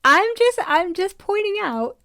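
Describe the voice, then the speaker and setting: A woman co-hosting a casual podcast chat, wry and dry, quick to laugh. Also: extremely high pitch, big pitch swings, fairly bright tone, no echo. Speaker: podcast co-host.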